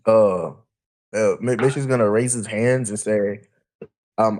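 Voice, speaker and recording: A man's voice: lowish voice, fairly even intonation, unhurried, long pauses, darkish tone. A man chatting hesitantly as a player in a tabletop game. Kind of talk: casual chat during a tabletop game.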